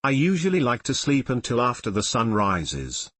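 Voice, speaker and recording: A man's voice: medium pitch, huge pitch swings, moderate pace, a bit bright, no echo. A man voicing a playful, boastful teenage boy who jokes and sulks, in an audiobook reading of fan fiction.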